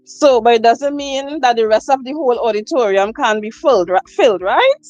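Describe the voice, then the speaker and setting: A woman hosting a laid-back livestream reads viewer comments slowly, repeats herself and laughs a lot. Her voice is a little high, expressive and a bit mellow. The audio, from a phone, is dull with no room sound and faint music behind.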